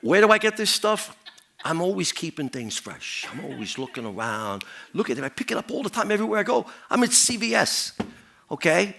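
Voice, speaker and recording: A man plays a paranoid, rambling stand-up character who leaps from one wild idea to the next and tosses off deadpan puns. His voice sits high, bright and sharp, and it swoops up and down before dropping to a mutter at the end of each rant. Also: brisk, vocal fry, exaggerated voice. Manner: rambling, jumps between topics, deadpan puns. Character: rambling, paranoid married man chatting up a worker.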